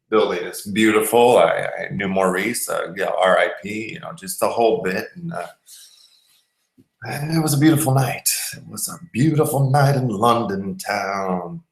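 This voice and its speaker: Male podcast host with a low voice, rambling through a casual story in a roomy, echoey room. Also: moderate pace, creaky. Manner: rambling, restarts mid-sentence.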